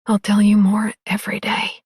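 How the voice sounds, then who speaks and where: A tearful young woman pouring out her love, as a female narrator plays her, raised and pleading. The voice is breathy and husky, recorded close and dry. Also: mid-range voice, monotone, moderate pace, a little mellow, no echo. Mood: loving. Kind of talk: audiobook character voice.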